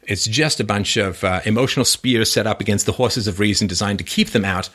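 A male podcast host giving sarcastic political commentary, mocking and swinging into high voices when he quotes. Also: brisk, a bit bright, breathy edge.

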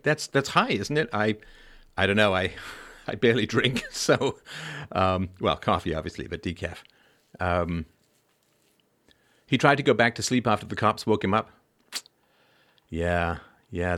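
A man with a somewhat low voice delivers news commentary, reading reports aloud and then cutting in with mocking asides. His sarcasm jumps up in pitch and volume before falling back to a dry mutter. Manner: mocking, wry asides, swings from loud sarcasm to mumbled remarks. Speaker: podcast host.

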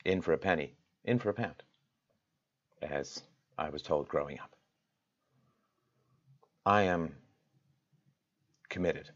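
Male host, very low voice, impassioned rhetorical monologue, lo-fi sound. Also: slow, long pauses. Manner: impassioned, rhetorical, swings from loud to quiet. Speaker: show host. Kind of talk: direct-to-camera address.

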